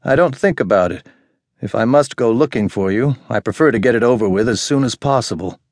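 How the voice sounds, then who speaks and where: A man voicing a brooding, weary young man who speaks quietly and wistfully. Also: medium pitch, expressive, fairly quick, no room sound, clean studio sound.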